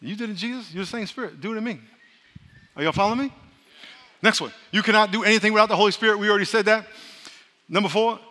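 A man's voice: high-pitched, fast talker, pauses often, pushed and bright. A man preaching a sermon as pastor, joking with the congregation and leading call-and-response declarations. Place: large church hall. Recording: long church-hall reverb.

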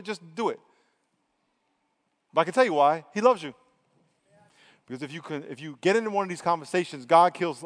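A man's voice: high voice, long reverb tail. A man preaching a sermon in a conversational, emphatic way, acting out quotes as he goes. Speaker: pastor.

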